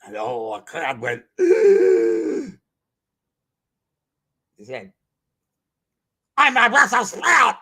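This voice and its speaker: A man's voice: fairly high pitch, expressive, slow pace, long pauses, bright, forceful tone, pitched above the performer's own voice, full character voice. A man voicing a simple-minded, rowdy Brussels sprout, in an improvised comedy bit.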